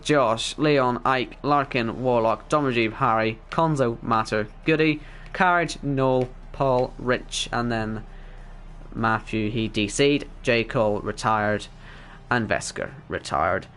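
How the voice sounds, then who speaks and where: Hoarse esports commentator, man. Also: medium pitch, takes it slowly, a bit bright, a little hiss or hum. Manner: chatty, reads chat aloud, self-deprecating. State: hoarse, worn-out voice. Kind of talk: casual stream sign-off commentary.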